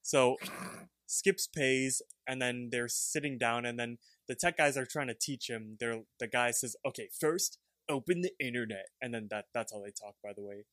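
A man's voice: medium pitch, steady tone, normal speed, a bit bright, no room sound. A young man co-hosting a podcast, casually recapping a cartoon episode in a rambling way and acting out the characters' lines as he goes. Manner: rambling, acts out characters' lines while retelling. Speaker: podcast co-host.

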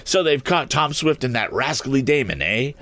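A man's voice: medium pitch, expressive, moderate pace, a bit bright, pitched above the performer's own voice, close to an everyday voice. A man voicing a gloating, scheming banker who sneers and boasts, in a storybook reading. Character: gloating, scheming middle-aged male banker.

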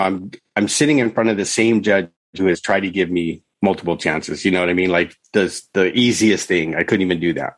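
A man's voice: low voice, no room sound. A middle-aged man telling his own story in conversation, candid and rambling, with many "you know" and "right?" asides. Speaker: podcast guest, author and counselor.

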